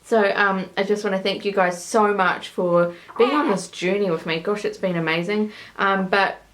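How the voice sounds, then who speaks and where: A New Zealand woman in her thirties vlogs casually to a camera while holding and breastfeeding her newborn, rambling emotionally with lots of fillers. Her mid-range voice is a bit bright, with fairly even intonation at a normal speed, on a rough recording.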